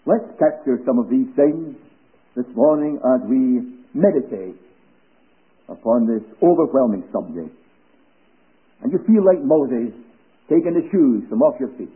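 A man preaching a sermon at a church service, measured, letting key phrases fall to hushed low endings. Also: animated. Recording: tinny phone-like recording.

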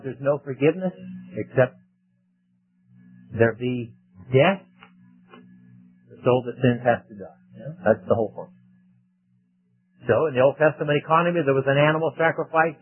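A man's voice: mid-range voice, slightly rough. A man preaching a sermon in a conversational way, often asking rhetorical questions. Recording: tinny phone-like radio broadcast.

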